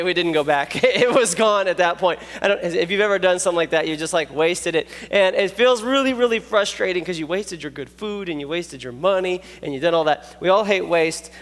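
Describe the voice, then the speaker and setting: A man preaching a youth sermon, animated and jokey, telling stories and checking in with the listeners. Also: high voice. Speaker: youth pastor. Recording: long echoey hall reverb.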